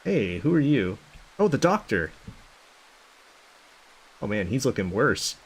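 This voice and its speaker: A man's voice: medium pitch, very animated, takes it slowly, husky. A man giving casual, wry let's-play commentary with swearing asides.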